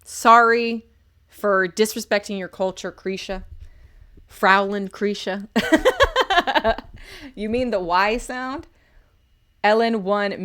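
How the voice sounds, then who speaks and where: A woman's voice: mid-range voice, takes it slowly, pauses often, a bit bright. Chatty woman streamer, self-mocking. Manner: chatty and self-mocking, reads chat aloud. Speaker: streamer reviewing a book. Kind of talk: casual live-stream chat.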